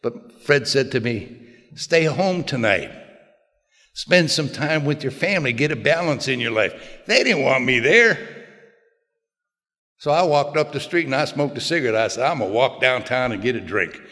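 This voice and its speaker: An older man telling a plainspoken personal recovery story to a group, in a folksy way with quiet low asides. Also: lively intonation, normal speed. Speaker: recovery speaker. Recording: long hall reverb.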